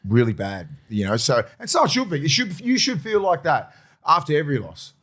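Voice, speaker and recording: A man's voice: fairly high pitch, a little fast. Sweary australian ex-footy guy rambling. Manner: rambling, sweary, animated storytelling. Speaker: podcast co-host, former rugby league player. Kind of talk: casual podcast chat.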